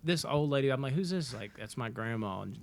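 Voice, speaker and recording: A man's voice: mid-range voice, fairly quick, gravelly. Rambling young man telling a story. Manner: rambling, filler-heavy, swears a lot. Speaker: podcast co-host. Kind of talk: casual storytelling chat.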